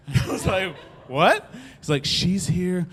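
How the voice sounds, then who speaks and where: A man's voice: high-pitched, measured pace, husky. A young man telling a funny personal story on stage, laughing often and acting out the voices of the people in it. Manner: animated, laughs often, acts out quotes. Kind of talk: live comedic storytelling.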